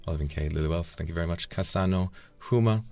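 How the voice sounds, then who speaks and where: A man's voice: sits low, fast, vocal fry, darkish tone. A man casually chatting on a livestream, swearing now and then and tripping over repeated words. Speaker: streamer.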